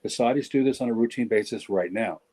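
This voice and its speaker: A man's voice: medium pitch, quick pace, mellow, slightly rough, poor audio. A middle-aged man talking on a podcast in a blunt, joking way, often breaking off and restarting his sentences. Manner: blunt, joking, self-interrupting. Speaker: podcast guest speaker. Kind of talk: casual podcast discussion.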